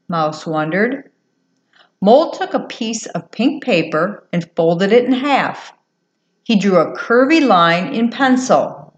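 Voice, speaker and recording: A woman reading a children's picture book aloud, slowly and with a lively, sing-song pitch. Her encouraging delivery carries a roomy echo. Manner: warm, encouraging, lilting. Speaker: host and storybook reader.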